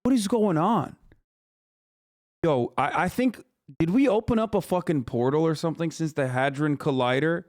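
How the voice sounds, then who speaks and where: A man's voice: on the high side, normal speed, a little mellow, no echo, studio quality. A man in his thirties, a live streamer reacting to news in profane, sarcastic rants. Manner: sarcastic, swears constantly, rants over the broadcast.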